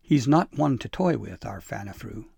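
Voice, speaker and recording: A man voicing a spirited young female elf in a storybook reading, brisk and a little tart. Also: fairly low pitch, expressive, creaky, darkish tone, husky, no room sound, studio quality, heavily acted. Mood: stern.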